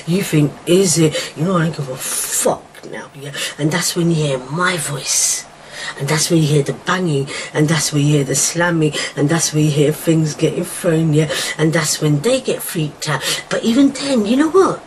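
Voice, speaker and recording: Middle-aged woman, low voice, raw and emotional personal account, jumps from shouting to whispering, faint background hiss. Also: low-quality recording. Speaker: mother telling her daughter her story.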